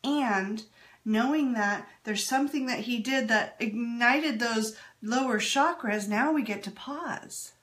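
A woman giving a casual, candid talk on spirituality, animated and quick to laugh at herself. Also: fairly high pitch. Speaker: spiritual speaker.

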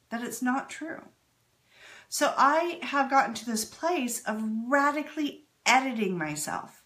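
Earnest woman giving a spiritual talk, kinda high voice, lots of questions back at the listeners. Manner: earnest, emphatic, with rhetorical questions. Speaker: spiritual teacher.

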